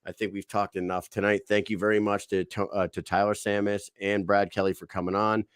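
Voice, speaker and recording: A low-pitched man co-hosting a casual podcast, spinning an animated story and swearing freely. He slips into quick impressions of the people he quotes. The sound is close and dry, with no room around it. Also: clear, resonant tone, no room sound. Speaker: podcast co-host. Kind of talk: casual chat.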